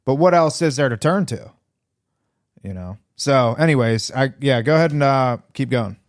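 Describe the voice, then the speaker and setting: A man co-hosting a podcast speaks in an easygoing, conversational way at a middling pitch. His voice sounds dry and close, with no room around it. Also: expressive, normal speed, dry recording. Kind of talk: casual chat.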